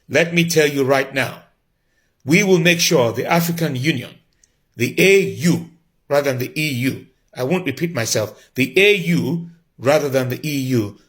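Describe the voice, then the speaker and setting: A man's voice: fairly high pitch, fairly bright tone. A man playing a defiant mock African president. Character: pompous male African president character, defiant. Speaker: comedic character clip.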